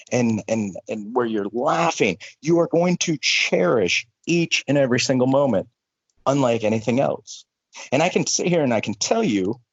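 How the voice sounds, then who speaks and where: A man's voice: medium pitch, dry recording, lo-fi sound. A man speaking as a life coach in casual conversation, earnest and repeating words as he builds a point.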